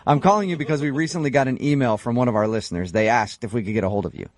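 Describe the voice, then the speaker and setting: A man's voice: mid-range voice, quick pace, dry recording. A man hosting a morning radio show, chatting and laughing often as he recaps a dating story.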